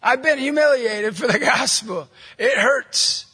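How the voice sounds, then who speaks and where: A middle-aged man, a Catholic evangelist, preaching energetically to a live audience, telling jokey stories and bursting into loud emphasis. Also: very high-pitched, unhurried, breathy edge. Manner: punchy, jokey storyteller, bursts into shouting emphasis. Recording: long hall reverb from a large venue.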